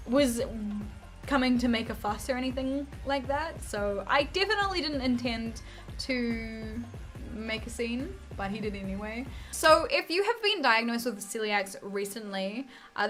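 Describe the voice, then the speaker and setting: A young woman, vlogging in a chatty storytelling way and acting out quoted lines. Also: fairly high pitch. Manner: chatty storytelling, acts out quotes with bright swings. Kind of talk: casual chat to camera.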